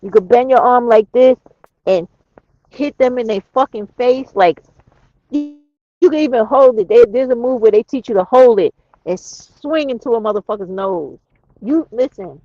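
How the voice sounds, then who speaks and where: This livestream host, broadcasting from her car, has a fairly high voice with a dark tone and speaks at normal speed. Her talk is blunt, emphatic, and profane, and the audio sounds dry and dull.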